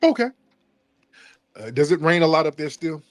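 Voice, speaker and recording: A male livestream host in casual call-in chat, firing off mocking, insulting comebacks at callers. His voice sits a little high, and the sound is dry and close with no room echo. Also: big pitch swings, normal speed.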